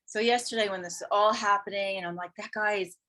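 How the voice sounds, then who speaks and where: A woman who teaches yoga and spirituality, telling a personal story in casual conversation, earnest and animated. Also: mid-range voice, fast talker. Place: Hawaii.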